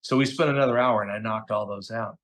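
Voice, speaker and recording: A middle-aged man, a voice actor who is a guest in a casual interview, telling stories in an animated, slangy way. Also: on the low side, fast. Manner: animated, chatty storyteller, slangy with "dude" and "okay?".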